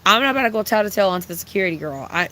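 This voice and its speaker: A young adult livestreamer chats casually and unscripted with viewers, speaking bluntly with heavy profanity and ranting with lively swings. The mid-range voice goes very fast, and the recording is rough.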